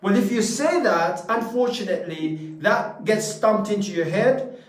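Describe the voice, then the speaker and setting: A man's voice: sits high, expressive, a little slow. A man giving a motivational talk to a live audience. He is emphatic, repeats phrases and keeps asking the listeners questions. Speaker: motivational speaker. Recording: echoey room from a distance.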